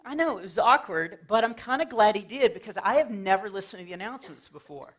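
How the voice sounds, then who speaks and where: A Texan man performs a chatty, playful stand-up set for a live audience in a church fellowship hall. His voice is high and fairly bright, fast and lively in intonation, and he keeps jumping into silly character voices for his jokes.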